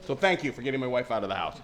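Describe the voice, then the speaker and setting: A man's voice: medium pitch, a bit bright. A man from Thailand in his late fifties, speaking as a panelist with jovial, joking, emphatic remarks. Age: late 50s.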